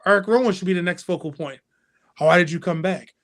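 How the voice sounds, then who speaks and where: Lively man chatting about wrestling. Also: high voice, a little fast. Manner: animated, acts out fan reactions. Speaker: podcast co-host. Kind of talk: casual chat.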